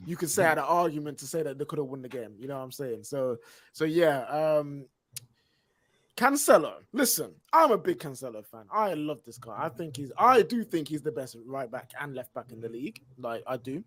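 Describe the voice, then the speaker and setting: A man talking football as a panelist on a fan reaction show, in animated, slangy banter. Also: fairly high pitch, fairly quick, dry recording. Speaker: football pundit. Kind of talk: casual chat.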